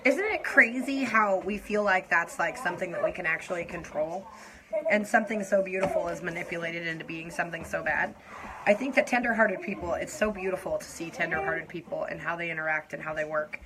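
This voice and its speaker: A young adult woman chatting openly to her viewers as she does her makeup on a live stream, confiding and laughing softly. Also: fairly low pitch, a little fast, a crowd in the background, rough recording. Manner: warm, confiding, breaks into soft laughs. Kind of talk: casual heartfelt chat to viewers while doing makeup.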